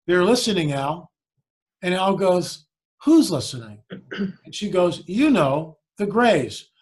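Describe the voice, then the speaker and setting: A man with a high speaking voice tells a story as a guest in a conversation. He tells it in an animated way and acts out the quoted lines of the people in it.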